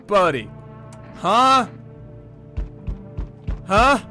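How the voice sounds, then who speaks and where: Gamer guy, bit high voice, lively and jokey, faint music behind. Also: very slow. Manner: animated, jokey, loud outbursts. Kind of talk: casual gameplay commentary.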